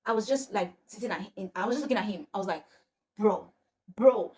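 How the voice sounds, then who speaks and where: Fast-talking young Nigerian woman storyteller. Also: mid-range voice. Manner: animated, chatty storytelling to viewers. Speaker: vlogger. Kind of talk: storytime vlog.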